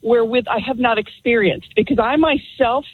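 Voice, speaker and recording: A woman's voice: fairly high pitch, slight background noise. Impassioned woman caller on a phone line. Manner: firm, impassioned, deliberate. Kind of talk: call-in radio talk.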